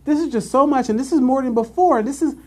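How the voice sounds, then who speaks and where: A man putting on a shrill whining coworker lady. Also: fast, dark tone, breathy edge. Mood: whiny. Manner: whining, breathless complaints. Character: whiny anxious female coworker.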